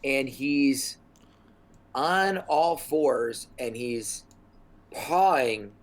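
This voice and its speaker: A man's voice: medium pitch, expressive, very slow, low-quality recording. A man narrating a tabletop game as game master, rambling with many fillers. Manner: rambling, many ums and likes.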